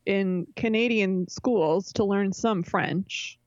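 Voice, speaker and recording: A woman's voice: mid-range voice, slow pace, dry recording. A chatty, opinionated woman co-hosting a podcast, who laughs often as she talks. Her voice is recorded very dry, and the sound is slightly muffled. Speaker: podcast co-host. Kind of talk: casual chat.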